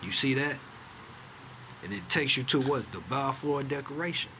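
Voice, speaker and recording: A casual, self-styled teacher with a mid-range, pushed and bright voice keeps checking in with listeners by asking "all right?". He speaks at normal speed with lively intonation, sprinkling in "man" and "see that?" and answering his own rhetorical questions. It's informal teaching in which he reads documents aloud, and there is slight background noise.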